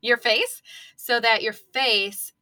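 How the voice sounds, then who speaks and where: A woman's voice: on the high side, fairly even intonation, slow pace, sharp tone, dry recording. A woman co-hosting a podcast in casual chat, upbeat and playful. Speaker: podcast co-host.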